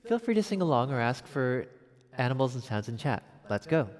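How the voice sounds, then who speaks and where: This young adult from Connecticut, USA, is a man casually chatting on a home piano livestream, cheerful and chatty with gleeful outbursts. His mid-range voice is brisk and a little mellow, with big pitch swings and a big-room sound.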